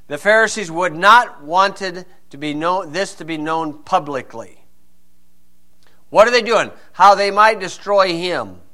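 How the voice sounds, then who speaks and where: A man's voice: high voice, bright, forceful tone. A man teaching through Bible verses in a conversational way, asking rhetorical questions and telling personal stories.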